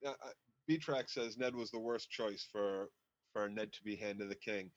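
A man co-hosting a casual TV recap podcast, explaining the story in a measured way. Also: lowish voice, no echo. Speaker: podcast co-host. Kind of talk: casual chat. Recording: dry, slightly dull sound.

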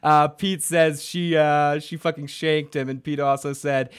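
A man's voice: a little high, flat delivery, normal speed, hardly any pauses, clear, resonant tone. Man hosting a live recap show. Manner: reads comments aloud, rambling with fillers. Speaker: podcast host. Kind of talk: casual recap chat, reading live chat comments.

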